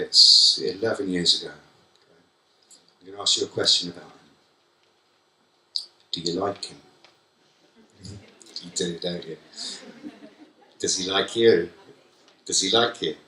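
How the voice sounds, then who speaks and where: A man delivers a keynote in a conference hall, lively and joking as he throws questions straight at the audience. His voice is very bright and sharp-edged. It is picked up from a distance, with the hall's echo ringing around it. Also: low voice, a little slow, long pauses. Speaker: keynote speaker. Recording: echoey hall from far off.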